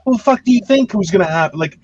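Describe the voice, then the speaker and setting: A man's voice: high voice, expressive, rapid-fire, breathy edge, highs cut off. A man, a comedian, riffing profanely in casual chat and ranting with acted-out voices. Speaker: comedian podcast co-host.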